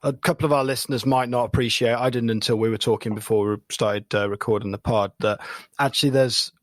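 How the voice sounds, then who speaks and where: A man hosts a podcast in a middle-pitched voice and keeps things chummy and teasing. The sound is close and dry, with no room around it. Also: fairly even intonation, fast talker, no echo. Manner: chummy, teasing, laughs along. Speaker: podcast host. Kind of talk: casual podcast interview.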